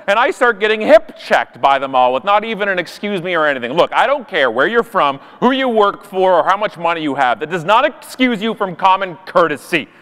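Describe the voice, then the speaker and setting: Give me a high-pitched man, performing a self-mocking comic keynote to a live crowd. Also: brisk, few pauses, in a large hall. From Canada. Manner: animated, self-mocking, punchy comic timing. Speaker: conference speaker. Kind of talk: comedic storytelling keynote. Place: live event stage before an audience.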